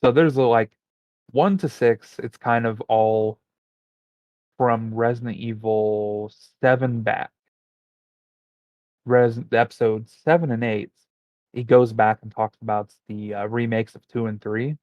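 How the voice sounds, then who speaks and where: A man chatting on a podcast in a loose, rambling way, stopping to look details up as he goes. His voice sits at an ordinary pitch. The sound is dull and dry, with no room around it. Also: unhurried, long pauses, no room sound. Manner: relaxed, rambling, looks things up as he talks. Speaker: podcast co-host. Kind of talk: casual chat.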